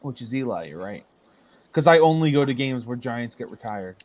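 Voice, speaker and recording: Lively wry man talking sports. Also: mid-range voice, moderate pace, no room sound, rough recording. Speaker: podcast co-host. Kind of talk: casual chat.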